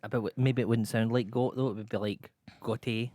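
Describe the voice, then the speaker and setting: A man's voice: on the low side, steady tone, quick pace, warm tone, dry recording. A man co-hosting a radio show in a studio, chatting casually with brief dry replies. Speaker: radio co-host. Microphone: studio microphone.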